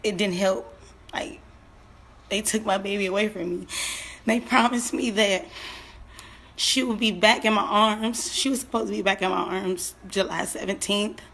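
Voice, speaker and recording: A woman in her twenties, a grieving mother telling her story on a live stream, nervous and shaky, halting, with lots of fillers and repetition. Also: mid-range voice, fairly even intonation, gravelly, fairly bright tone. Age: 20s. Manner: halting, filler-heavy, repeats herself.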